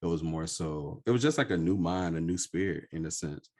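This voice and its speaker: A man with a very low, deep voice speaks slowly and earnestly. He is sharing a personal story in a reflective podcast conversation. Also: a little mellow. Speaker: podcast host.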